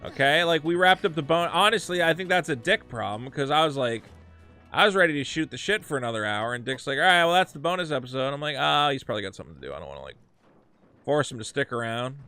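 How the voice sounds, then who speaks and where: A man's voice: a little high, fast, smooth, faint music behind. A man streaming a video game, chatting casually and ranting with a lot of swearing. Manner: profane, ranting, animated. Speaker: streamer and podcast host. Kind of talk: casual gameplay commentary.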